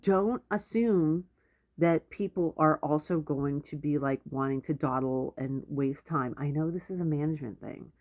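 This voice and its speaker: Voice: medium pitch, moderate pace. A speaker giving blunt, rambling advice in a casual monologue, often stopping mid-sentence to restart. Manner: rambling, self-interrupting, blunt. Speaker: advice vlogger. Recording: tinny phone-like audio.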